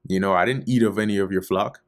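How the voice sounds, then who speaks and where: A man's voice: sits low, steady tone, quick pace. A man putting on an indignant, heated shepherd. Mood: defensive. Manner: heated, slangy and challenging. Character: indignant, exasperated grown man shepherd confronting his father-in-law.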